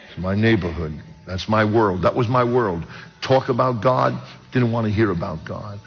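A man's voice: lowish voice, normal speed, creaky, breathy edge. An older man, preaching a personal testimony and joking with the audience. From Brooklyn, New York. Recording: dull sound with long hall reverb.

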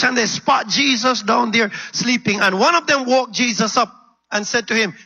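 A male preacher delivering an animated sermon that swings between loud shouts and low murmurs, calling out to his congregation. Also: moderate pace, husky, muffled recording. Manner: calls out to the congregation.

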